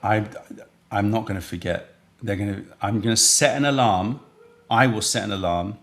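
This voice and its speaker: A man's voice: on the low side, normal speed. A man hosting a live tea stream, chatting casually and thinking aloud as he rambles between giveaways. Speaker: livestream host selling tea.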